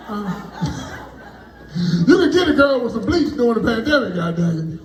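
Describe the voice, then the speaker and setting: A man performing stand-up comedy. He has a very high voice, throws out loud, animated punchlines and bantering with the audience. The sound carries an echo from a room at a live party. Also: normal speed. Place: party venue, indoors.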